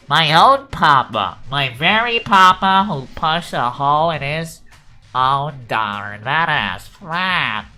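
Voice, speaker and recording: A man's voice: medium pitch, bright, forceful tone, full character voice. A man voicing a hurt, dramatic adopted young daughter with whiny, melodramatic complaining.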